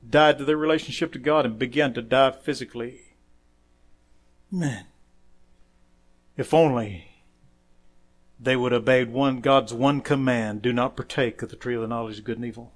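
A man preaching a sermon as pastor, quoting scripture, saying "amen" often, rising to loud emphatic phrases and dropping quiet for asides. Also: steady tone, moderate pace, pauses often. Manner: emphatic preaching that swells louder on key phrases and drops low and quiet for asides; quotes scripture with frequent "amen".

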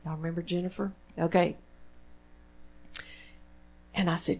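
A woman with a Texan drawl delivers a sermon from the front of a church. She talks in a warm-hearted conversational way, tossing questions out to the congregation. Her voice sits in a middle register for a woman. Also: mid-range voice, normal speed. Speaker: preacher. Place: church sanctuary.

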